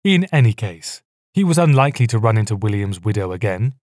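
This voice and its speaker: A man's voice: on the low side, big pitch swings, fairly quick, a little mellow, no room sound. Man narrating audiobook excerpts, dry close sound.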